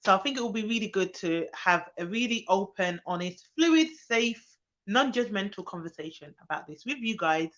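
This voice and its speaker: A woman hosts a casual live stream as a childcare expert. She chats and greets viewers by name, with plenty of ums along the way. Her voice sits at a middling pitch, and the stream audio is a little dull. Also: expressive, normal speed, a bit bright. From Birmingham, England.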